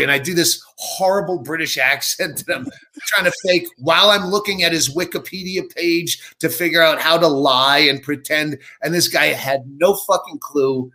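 A middle-aged male comedian tells profane, animated anecdotes as a podcast guest. His voice sits a little high and rings bright and forceful. He talks in a loose, storytelling rhythm. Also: normal speed.

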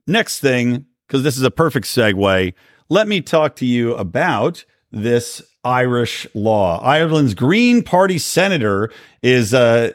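A man delivering political commentary in a sarcastic, emphatic voice. His pitch swings widely, from low grumbles to high, mocking peaks. The sound is close and dry, with no room around it. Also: dry recording. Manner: sarcastic, emphatic, occasional swearing. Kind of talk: opinionated solo commentary.

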